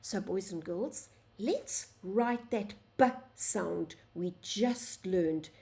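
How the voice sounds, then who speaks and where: A woman teaching a phonics lesson to young children, sounding out letters and words slowly and calling the class "boys and girls". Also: medium pitch, creaky, warm tone. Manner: slow, sing-song, sounds out letters, addresses "boys and girls".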